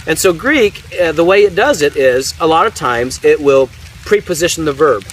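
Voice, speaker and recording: A man's voice: on the high side, lively intonation, moderate pace. A man who translates the Bible, explaining ideas in a casual teaching conversation and often checking in with "right?". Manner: explanatory, frequent restarts and "right?" tags. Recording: distant mic with faint noise.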